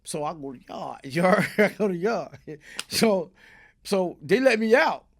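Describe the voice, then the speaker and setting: A middle-aged man, a guest telling stories in a casual interview, in animated street slang that bursts into loud shouting. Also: sits high, moderate pace. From New York.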